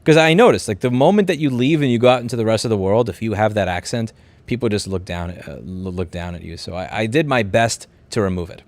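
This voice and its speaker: A Queens native in his thirties hosts a casual livestream in a New York accent. His lowish voice is quick-paced and a little mellow. He reads out viewers' comments and responds bluntly, sometimes swearing, often rambling and restarting his sentences.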